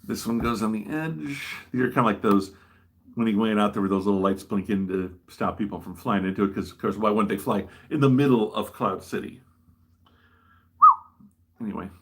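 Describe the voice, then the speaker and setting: A man's voice: lowish voice, moderate pace, husky. A man hosting a livestream, chatting casually while he builds a model, rambling and poking fun at himself. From American Midwest. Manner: rambling, self-deprecating. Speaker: livestream host.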